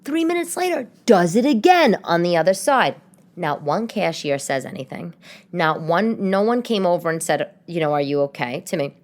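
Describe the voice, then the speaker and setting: A woman's voice: lowish voice, animated, moderate pace. A woman, rambling casually as a podcast host from her home, with frequent restarts. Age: late 30s. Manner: chatty, rambling, many restarts. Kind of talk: casual solo podcast chat.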